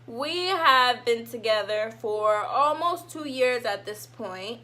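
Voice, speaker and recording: Animated young woman, bright voice. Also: on the high side, slow pace. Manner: animated, dramatic reenactments of herself. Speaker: vlogger. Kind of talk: casual storytime.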